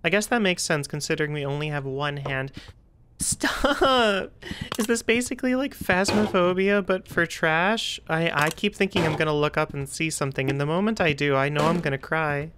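A woman streamer talking through a horror game, chatty and jumpy, with nervous outbursts and a slightly rough throat. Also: sits low, fairly quick, hardly any pauses, noisy background. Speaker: gaming streamer.

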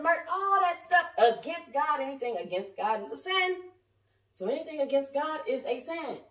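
A self-styled prophet in her forties, with a high-pitched voice, preaches spontaneously and passionately to a camera set up at a distance in her home. Fervent, rambling and colloquial, she shifts between shouting and soft asides. Her voice sounds distant in an echoey room.

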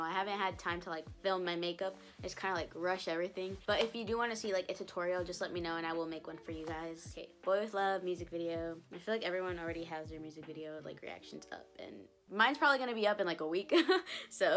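Bright-voiced young woman vlogger. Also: lowish voice. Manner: chatty and gushing, breaks into laughs and gasps. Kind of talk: casual reaction vlog. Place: at home, sitting down. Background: music video playing faintly.

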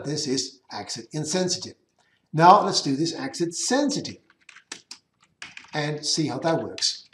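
A man giving a conference presentation with live demos, explaining step by step and often restarting his words. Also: roomy sound. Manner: explanatory, lively pitch, self-correcting restarts. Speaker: conference speaker.

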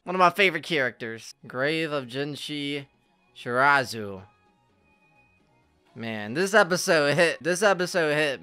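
A man's voice: on the high side, lively intonation, measured pace, pushed and bright, clear, resonant tone, soft background music. A man reacting to an anime finale in casual, emotional commentary, exclaiming and laughing often. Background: anime soundtrack playing faintly.

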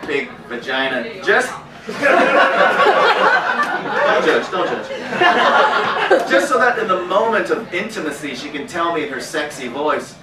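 A man doing stand-up in a small cafe, brash and crude, chatting with the crowd. His pitch runs a bit high and swings around a lot. The room is echoey, he sounds far from the mic, and a loud hiss sits under everything. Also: animated, a little slow, long pauses. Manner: brash, riffing, crude jokes, chats with the audience. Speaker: stand-up comedian. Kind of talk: stand-up set with crowd work. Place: small cafe comedy night, indoors. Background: audience laughter.

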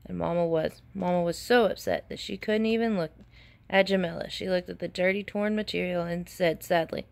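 A woman's voice: on the low side, fairly even intonation, brisk, vocal fry. A woman teacher reading a picture book aloud to children and asking them questions between pages.

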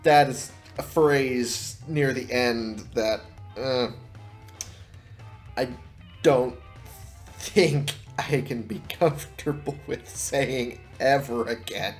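A man's voice: mid-range voice, slow pace, pauses often, faint music behind. Sarcastic swearing let's play man. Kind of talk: casual gameplay commentary. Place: home. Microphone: headset.

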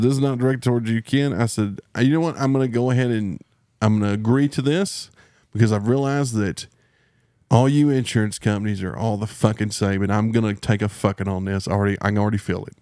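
A man's voice: fairly low pitch, brisk, mellow, dry recording. Texan man, podcast host, cussing rant, dry close sound. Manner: profane, heated, mocking impressions. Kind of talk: casual storytelling rant.

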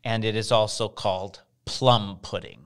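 A man co-hosting a casual chat, explaining food history in a relaxed, wry storytelling manner. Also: fairly low pitch, normal speed. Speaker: podcast co-host.

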